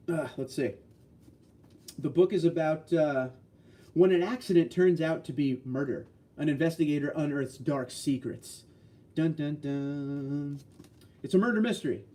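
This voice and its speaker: Blunt, folksy man in his sixties, mellow voice. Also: on the high side. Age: 60s. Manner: blunt, folksy, opinionated, reads out chat messages. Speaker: livestream host. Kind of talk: casual livestream chat reading viewer comments.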